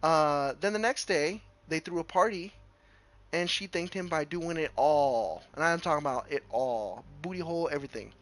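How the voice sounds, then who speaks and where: Higher-voiced young man telling a story. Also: moderate pace. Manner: rambling, animated retelling with fillers and restarts. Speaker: streamer. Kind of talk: casual storytelling.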